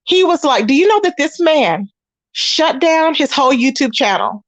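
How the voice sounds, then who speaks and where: A woman hosting a casual commentary channel, animated and sassy, talking straight to her listeners about online drama. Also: high voice, normal speed, no room sound. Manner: animated and sassy, calls listeners y'all and baby.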